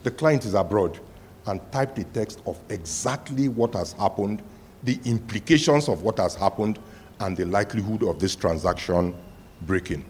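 A man preaching a sermon as pastor, telling stories and rising to loud cries. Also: on the low side, expressive, normal speed, slight background noise.

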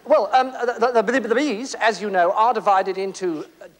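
A man's voice: sits high, fairly even intonation, moderate pace. A man playing a hesitant, stammering guest in a live stage comedy sketch. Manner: hesitant, stammering, then exasperated. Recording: live theatre with audience and faint noise.

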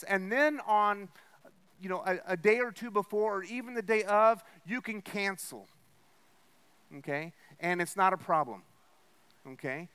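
Male pastor, high bright voice, sermon to a congregation, keeps checking they follow. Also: smooth. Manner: explains with repeated "okay?" and "right?" checks; acts out the host's lines with a raised voice. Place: church.

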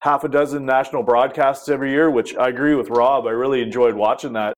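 A man hosting a podcast interview, asking questions in a relaxed, conversational way with plenty of fillers. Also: medium pitch, fast. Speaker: podcast host.

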